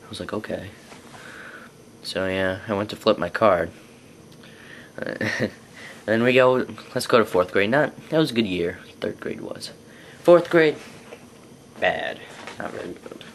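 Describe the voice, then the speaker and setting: Low-voiced guy rambling to camera. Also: a little slow, fairly bright tone, slight background noise. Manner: rambling, lots of fillers and restarts. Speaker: vlogger. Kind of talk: casual storytelling to camera.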